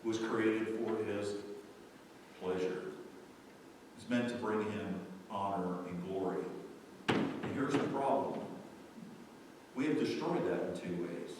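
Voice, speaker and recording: A male pastor preaching a sermon in a church, shifting from quiet storytelling to loud, excited preaching. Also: fairly low pitch, very echoey, long reverb tail, far from the mic, slight background noise, rough recording. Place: church sanctuary.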